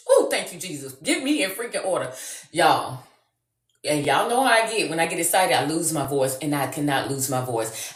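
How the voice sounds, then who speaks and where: A woman vlogging, chatty and animated, talking straight to her viewers. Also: low-pitched, roomy sound. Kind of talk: excited vlog chat.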